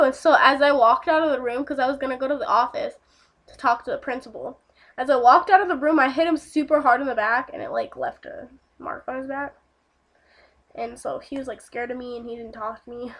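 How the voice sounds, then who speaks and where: A woman's voice: high voice, brisk, a bit bright. A young woman telling a casual storytime vlog, rambling with lots of fillers and swearing.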